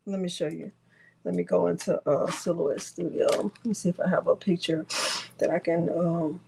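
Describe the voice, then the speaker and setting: A woman's voice: mid-range voice, creaky, a little mellow. Chatty woman crafting host. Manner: chatty, rambling, many fillers and restarts. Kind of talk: live craft tutorial.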